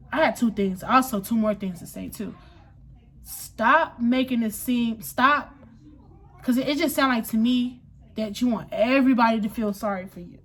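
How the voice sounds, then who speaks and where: Brief: young woman host, slightly high voice, blunt and frank, restarts sentences. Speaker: reaction host. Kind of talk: blunt reaction commentary.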